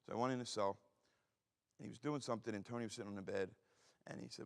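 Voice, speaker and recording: Fast-talking profane East Coast man. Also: fairly low pitch, steady tone, gravelly. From Philadelphia. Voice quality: blunt, heavily profane, rapid street talk. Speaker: guest speaker. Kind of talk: storytelling talk. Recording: reverberant hall.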